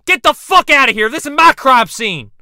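Man voicing hot-headed bounty hunter parody, gruff swearing rants, dry close sound. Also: fairly high pitch, moderate pace, bright, forceful tone, no echo. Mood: yelling. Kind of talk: parody voice acting.

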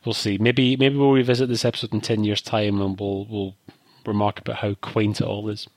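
A man's voice: on the low side, flat delivery, a little fast, dry recording. A man co-hosting a podcast, talking in a rambling, thoughtful way with frequent restarts. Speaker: podcast co-host. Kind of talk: casual chat.

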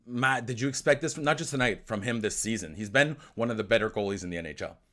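A francophone man, co-hosting a casual sports livestream and talking in an animated, rambling way with many restarts. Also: lowish voice, fast talker. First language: French. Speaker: co-host. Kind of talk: casual hockey livestream chat.

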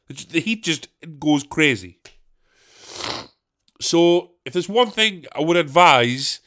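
A man's voice: fairly high pitch, lively intonation, moderate pace, pushed and bright. A young man, a stand-up comedian, hosting a solo podcast in a rambling, candid, sweary way.

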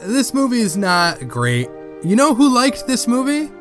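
Lively man in his thirties reviewing films. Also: extremely high pitch, measured pace, faint music behind. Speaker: podcast co-host. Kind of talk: casual movie review chat.

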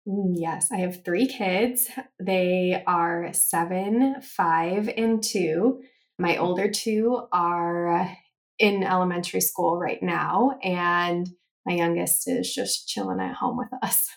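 A woman in her thirties, a guest on a podcast, answering in a measured, friendly way. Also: on the low side, lively intonation. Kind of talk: casual chat.

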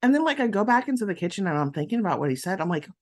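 A woman's voice: mid-range voice, sing-song, very fast. A pregnant woman hosting a podcast, talking candidly in a casual monologue full of "um" and "like". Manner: candid storytelling, frequent "um" and "like". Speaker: podcast host.

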